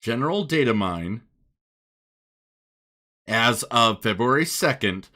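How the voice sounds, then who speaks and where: A man's voice: medium pitch, lively intonation, slow pace, pushed and bright. An American man with a northern accent hosting a podcast in easygoing casual chat. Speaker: podcast host.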